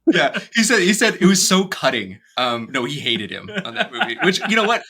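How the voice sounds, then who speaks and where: A man hosting a casual podcast chat. He is excitable and laughs often. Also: a little high, a little fast. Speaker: podcast host.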